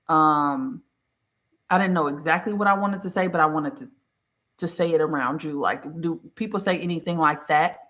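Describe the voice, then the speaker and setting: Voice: medium pitch, moderate pace. A spiritual reader in a casual one-on-one session, talking informally and affectionately with terms of endearment. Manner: relaxed, chatty, informal.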